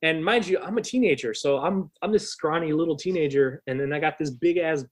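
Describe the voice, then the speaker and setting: A man's voice: fairly high pitch, fairly quick. A young adult man, a guest on a podcast, telling a long profane anecdote in a casual, rambling way with lots of restarts. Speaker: podcast guest and rock musician.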